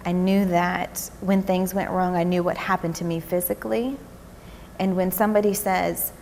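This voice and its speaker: A woman recounting her own experience in a documentary interview, speaking haltingly with fillers and restarts. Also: on the low side, little pitch movement, a little mellow, slight background noise.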